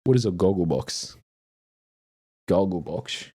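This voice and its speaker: A young man livestreaming, chatting casually and excitably with viewers and reading chat aloud. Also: low-pitched, takes it slowly, breathy edge. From Australia.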